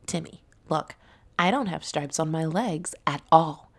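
A woman's voice: low-pitched, unhurried. A woman voicing a friendly, kind young male tiger in a storybook.

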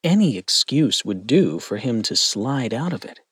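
Man reading a fantasy story out loud, slow and lively, kinda husky, dry close sound. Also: mid-range voice, dry recording. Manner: expressive, lingering storytelling. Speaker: narrator.

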